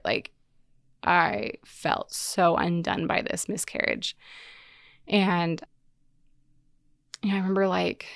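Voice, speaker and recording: A woman in her thirties who hosts a podcast, telling a personal story candidly in a halting way with many fillers. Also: lowish voice, gravelly, no echo, clean studio sound. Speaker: podcast host.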